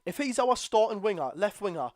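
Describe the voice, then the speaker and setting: Ranting high-voiced Geordie man. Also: very animated, a little fast, darkish tone, no room sound, clean studio sound. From North East England. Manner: ranting, blunt, exasperated. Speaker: football fan streamer. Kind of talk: live watchalong commentary.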